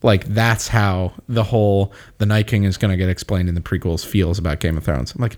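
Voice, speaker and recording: A man's voice: deep voice, fairly even intonation, a little fast, hardly any pauses, a little mellow. A man chatting casually, rambling and swearing freely, often laughing as he explains things. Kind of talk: casual chat.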